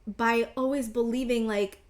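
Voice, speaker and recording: During an emotional, intuitive tarot reading, a thirtysomething woman speaks with a slightly high, steady voice. She's teary and sincere, halting often, using fillers and restarting her sentences as she circles back.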